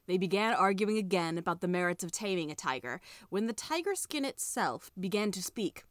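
A woman narrating a children's storybook chapter in a gentle, even way. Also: lowish voice, fairly quick, few pauses, no room sound, clean studio sound. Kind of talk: storybook reading.

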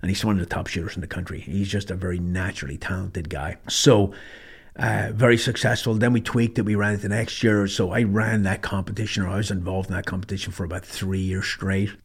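Speaking fairly quickly in a low voice with a breathy edge and fairly even intonation, a middle-aged man from Ireland tells stories in a casual monologue. He hosts a podcast and once instructed snipers, and he is blunt, matter-of-fact and swears casually.

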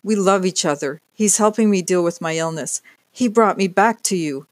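A storyteller puts on a shy, fragile young woman in an audiobook. She talks hesitantly and softly. The sound is dry and close. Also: medium pitch, moderate pace, no room sound, close to an everyday voice. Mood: pleading. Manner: hesitant, soft.

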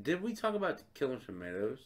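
A man's voice: mid-range voice, wildly swooping pitch, a little fast, noisy background. A man co-hosting a podcast in casual chat, swearing freely, laughing often and acting out voices. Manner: profane, laughing, acts out voices. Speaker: podcast co-host.

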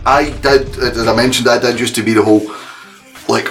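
A man chatting on a talk podcast, his voice sitting at an everyday middle pitch. He rambles and gets animated, restarting his sentences as he goes, with faint music behind him. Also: normal speed. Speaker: podcast co-host. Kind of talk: casual chat.

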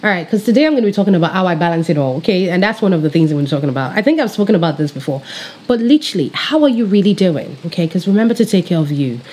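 Excitable high-voiced woman podcast host. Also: racing. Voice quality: high-pitched. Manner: excitable, energetic, chatty. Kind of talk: casual faith podcast chat.

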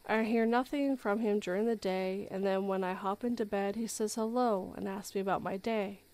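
A woman with a mid-range voice hosts a livestream, reading a horror story aloud in a relaxed manner and frequently correcting herself.

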